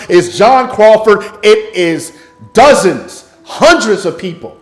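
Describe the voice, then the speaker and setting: A man delivering an impassioned, blunt, profane monologue as a music business coach. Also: high voice. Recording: echoey room, faint music.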